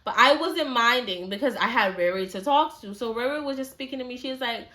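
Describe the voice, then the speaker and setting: A woman's voice: a little high, expressive, a little fast, hardly any pauses, sharp tone. A woman telling a story in a casual, chatty way, full of slang and "like" fillers.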